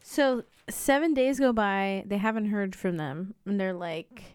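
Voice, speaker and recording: A woman co-hosts a podcast and fills in the details of a story in relaxed chat, often saying "like". Her voice is clear and smooth. The recording is dry and close, with no room sound. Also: medium pitch, a little slow, no echo. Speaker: podcast co-host. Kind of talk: casual chat retelling a story.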